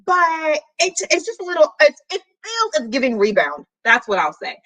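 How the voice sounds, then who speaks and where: Woman, book vlogger, casual slangy chat, lively swooping pitch, bright tone. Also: normal speed, slight background noise, poor audio. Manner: animated, chatty, slangy. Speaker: book vlogger hosting a reading sprint.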